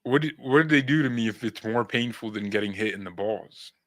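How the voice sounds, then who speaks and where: Young male fan-channel host, rambly casual chat, tense bright tone, speech a bit off from dental work. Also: lowish voice, fairly quick. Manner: rambling, repeats words and restarts, laughs at himself.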